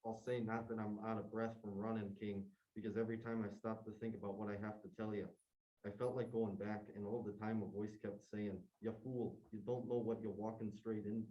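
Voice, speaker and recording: A man's voice: lowish voice, level tone, a little fast, natural voice. A young man reading a nervous sentry. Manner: rambling, stumbling read-aloud. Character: nervous, rambling male sentry. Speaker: student. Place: classroom. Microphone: distant room mic. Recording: dull, distant classroom recording.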